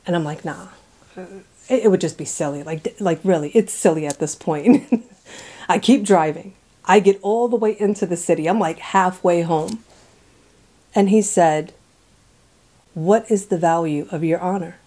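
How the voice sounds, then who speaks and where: A woman telling a personal story in a casual way. She laughs often and drops into hushed asides. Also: mid-range voice, measured pace, long pauses.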